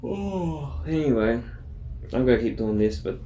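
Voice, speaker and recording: Lively, swearing man vlogging. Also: mid-range voice, unhurried, echoey room, dull audio. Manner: rambling, profane and blunt. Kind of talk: casual diary vlog.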